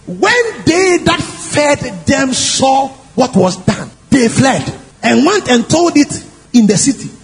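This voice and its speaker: A man preaching a sermon in an emphatic, animated way, often asking the congregation questions. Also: very high voice, slow pace, vocal fry, slightly rough. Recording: long hall reverb, faint music.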